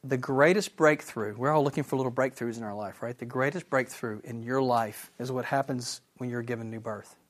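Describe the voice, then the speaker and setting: A man teaching a Bible lesson, enthusiastic and animated, asking his listeners questions. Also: mid-range voice. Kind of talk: sermon.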